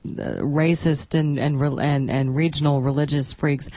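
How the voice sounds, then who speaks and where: A woman's voice: low voice, steady tone, normal speed, mellow, no room sound. A woman from the Southern US talking politics on the radio, rambling and mocking, often trailing off. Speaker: radio guest, co-host. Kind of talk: political talk radio banter.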